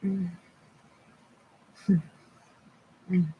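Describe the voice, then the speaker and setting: A woman's voice: on the low side, fairly even intonation, very slow, muffled recording, a little hiss or hum. A woman live streamer, stoned, chatting casually to her viewers while eating and talking with her mouth full.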